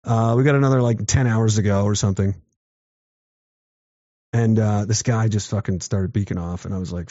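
A man's voice: lowish voice, lively intonation, a little fast, a little mellow, no room sound. A man in his thirties telling a war story in a casual, profane, rambling way, mocking himself and reading comments from chat. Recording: dull lo-fi dry sound.

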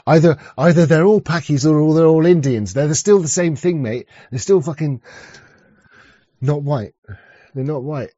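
Reacting to a clip, a streamer with a warm, fairly high voice delivers a rambling rant full of crude sarcasm and repeated restarts. No echo is heard, though the mic sounds dull and lo-fi.

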